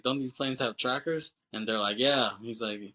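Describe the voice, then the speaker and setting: A male podcast host recaps a film with loose, animated energy, jumping into quick impressions of the characters and laughing along the way. His voice is bright and forward. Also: medium pitch. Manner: animated retelling, acts out character lines, laughs often, swears. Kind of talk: casual movie recap.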